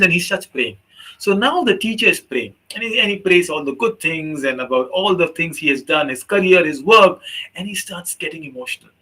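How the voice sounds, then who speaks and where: A male teacher trainer speaking to teachers in a webinar, his voice high for a man and bright. His tone is a little husky, and he tells stories with lively quoted voices. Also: fairly quick, low-quality recording. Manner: animated storyteller, acts out quoted voices. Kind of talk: workshop talk with storytelling.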